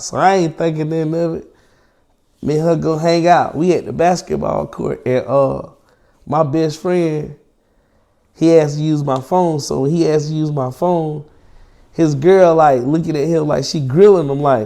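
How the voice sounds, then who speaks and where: A young man, an interview guest, telling a long personal story in slangy, profane, animated casual talk. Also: fairly high pitch, moderate pace.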